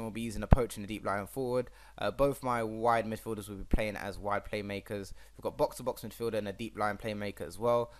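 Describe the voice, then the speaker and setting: A young man talks casually over his football management game, rambling with frequent fillers. His voice sits a bit low. He sounds like a relaxed host speaking to his channel's viewers.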